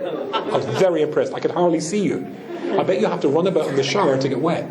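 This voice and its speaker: A rabbi with a Scottish accent giving a talk to a live audience, joking, teasing them and laughing often. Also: male voice, fairly high pitch, fairly quick, echoey room, crowd noise.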